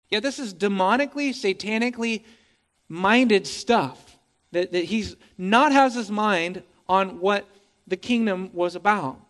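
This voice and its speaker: A man with a notably high voice preaches to his congregation. He keeps it conversational and animated, tossing in wry jokes and stumbling over repeated words as he builds his point. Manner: lively, conversational preaching with humorous asides; emphatic, repeats words as he speaks. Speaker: pastor. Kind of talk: sermon.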